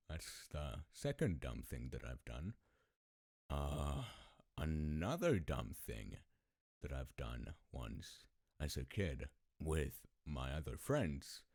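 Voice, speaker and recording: Very deep-voiced, slow-talking man. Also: darkish tone, dry recording, studio quality. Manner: laid-back, swears a lot, laughs often. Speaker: podcast host. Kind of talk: casual storytelling.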